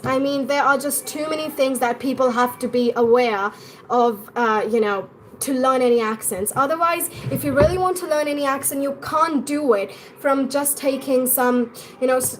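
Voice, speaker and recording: A woman's voice: high-pitched, a little hiss or hum. A young woman with an Indian English accent, talking eagerly and repetitively on a live stream as an accent teacher.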